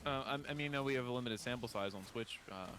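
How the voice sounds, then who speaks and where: A man's voice: medium pitch, fast talker, noisy background. A man hosting a livestream, rambling casually with lots of fillers while he signs off. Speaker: livestream host. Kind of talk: casual stream chat.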